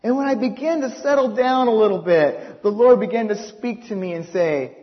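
A man preaching a sermon, telling a story in an animated way and reading quotes aloud. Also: sits high, moderate pace, hardly any pauses. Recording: dull lo-fi recording.

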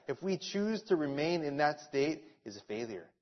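A man's voice: a little high, moderate pace. Man preaching a sermon, lo-fi. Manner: animated storytelling, repeats key phrases. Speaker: pastor. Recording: dull lo-fi sound.

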